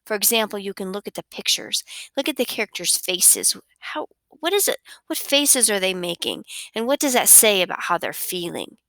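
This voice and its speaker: A woman teaching a recorded reading lesson for children, with an expressive, sing-song teacher's delivery on a close mic. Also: mid-range voice, moderate pace, no echo.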